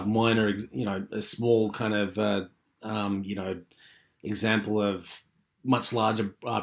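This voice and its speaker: A man giving an unscripted university lecture, rambling with many fillers and restarts. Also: on the low side.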